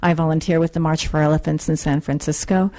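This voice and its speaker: A woman's voice: low-pitched, fairly even intonation, fast talker, warm tone. A woman volunteer giving polite, sincere testimony at a hearing. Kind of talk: brief public testimony.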